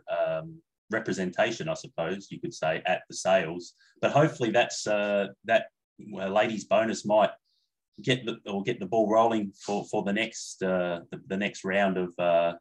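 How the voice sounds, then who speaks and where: Easygoing low-voiced male host. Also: low-quality recording. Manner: easygoing, says mate, many uhs. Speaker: podcast host. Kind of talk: casual interview.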